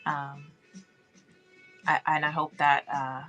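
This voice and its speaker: A woman's voice: sits low, level tone, slow pace, bright, forceful tone, muffled recording, soft background music. A middle-aged woman, hosting a casual livestream chat, reading chat aloud and laughing often. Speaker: livestream host.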